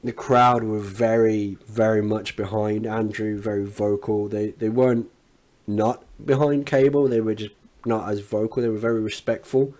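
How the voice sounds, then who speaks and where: A man reviewing a wrestling event as an analyst, recapping the matches with excitement and frequent swearing. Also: lowish voice, moderate pace.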